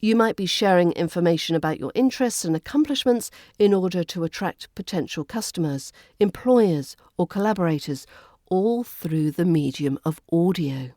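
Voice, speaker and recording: A woman with a British RP accent, hosting a podcast lesson in a clear, measured, well-enunciated delivery. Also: fairly low pitch, warm tone, no room sound, studio quality. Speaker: accent coach and podcast host.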